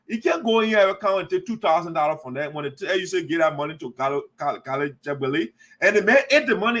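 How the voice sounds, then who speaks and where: A man's voice: sits high, pushed and bright. A man hosting a live online talk show, arguing passionately with callers and repeating his points. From Liberia. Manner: impassioned, repetitive, argumentative. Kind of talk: live call-in commentary.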